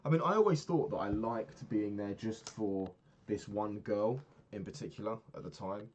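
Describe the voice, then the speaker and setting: Young British man, deep low voice, rambling vlogger who swears and loses track. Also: moderate pace, darkish tone, highs cut off. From United Kingdom. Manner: rambling, swears often, loses his thread. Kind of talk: casual diary vlog.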